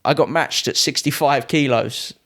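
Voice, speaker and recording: A Muay Thai fighter in his twenties from the United Kingdom speaks at a moderate pace in a mid-range voice as a guest on a podcast. Lively and casual, he tells anecdotes and performs other people's lines in a raised voice.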